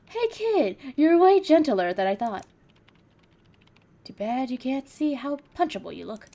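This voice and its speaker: A woman's voice: sits high, sing-song, a little slow, mellow, pitched above the performer's own voice, full character voice. A woman voicing a brash teasing viking sailor. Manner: mocking, blunt, calls others kid. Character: gruff red-haired male viking sailor, teasing and brash.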